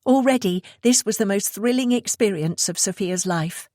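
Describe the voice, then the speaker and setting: A woman reading a thriller audiobook aloud in a steady storytelling way. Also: mid-range voice, normal speed, no echo, clean studio sound. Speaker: audiobook narrator. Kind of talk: scripted narration.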